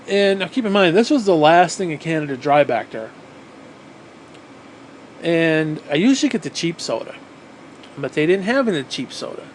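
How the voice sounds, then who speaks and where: A man telling a story casually, animated, swearing often and repeating phrases for emphasis, sounding tired. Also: on the high side, slight background noise, rough recording. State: physically exhausted.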